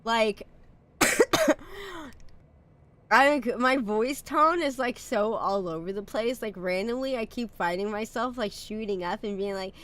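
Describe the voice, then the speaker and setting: A woman's voice: fairly high pitch, unhurried, a bit bright. A sick woman streamer with a sore throat and a nasal voice, chatting casually and swearing as she plays a horror game.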